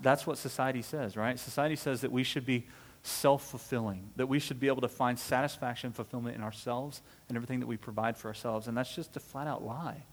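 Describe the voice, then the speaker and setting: A man's voice: mid-range voice, long reverb tail. A man delivering a sermon as a pastor, conversational and full of rhetorical questions, often checking in with "right?".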